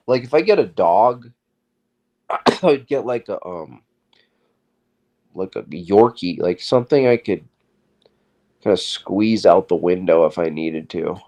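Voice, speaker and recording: A man trades casual comedy banter in a deadpan, teasing manner. His pitch swings widely, rising and dipping through his sentences. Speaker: co-host.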